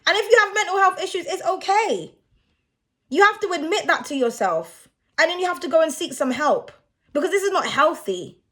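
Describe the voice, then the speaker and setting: A woman's voice: extremely high pitch, lively intonation, brisk, fairly bright tone. A young woman who reads tarot, ranting bluntly and with a lot of swearing in a casual vlog. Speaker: tarot reader.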